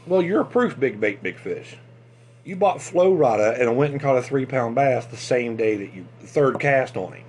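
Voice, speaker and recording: A man talks loosely and eagerly about fishing gear, tripping over his words, restarting sentences and piling on fillers. His voice sits at an ordinary middle pitch. A faint hum of ambient noise stays under his voice throughout. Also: normal speed. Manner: rambling, excitable, lots of restarts and fillers. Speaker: fishing channel host. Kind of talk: casual chat reviewing fishing tackle.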